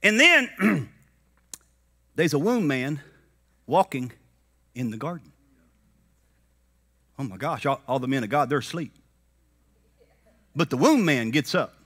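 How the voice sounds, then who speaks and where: A man preaching with a bright, forceful voice that sits a touch high. He moves from quiet, low-spoken asides to shouted peaks and keeps asking the crowd if they are with him. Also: sing-song, slow pace, pauses often. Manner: dramatic, swings between soft asides and shouting; checks in with the crowd. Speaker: conference speaker. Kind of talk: sermon.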